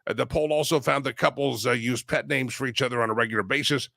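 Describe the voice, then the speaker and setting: A man's voice: mid-range voice, steady tone, fast, gravelly, sharp tone, no room sound, clean studio sound. A man hosting a talk show, chatting loosely with many fillers. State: coughing. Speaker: radio show host. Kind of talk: casual talk show monologue.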